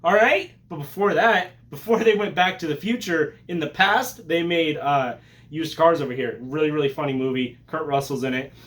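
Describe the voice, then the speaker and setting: A man hosting a casual vlog, excitable and joking, with profanity and sudden loud bursts. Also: fairly high pitch, normal speed. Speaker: collector vlogger.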